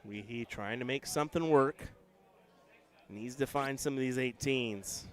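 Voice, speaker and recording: A man giving relaxed, chatty live commentary on a darts match, with joking asides about himself. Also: medium pitch, a little slow. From United States.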